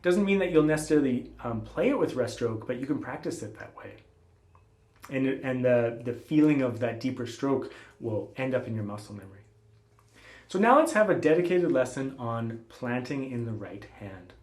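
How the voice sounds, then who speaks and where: Calm man teaching guitar in a roomy space. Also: medium pitch, moderate pace. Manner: calm, patient explaining, calls out finger letters. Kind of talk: spoken instruction between playing. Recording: roomy sound with guitar playing.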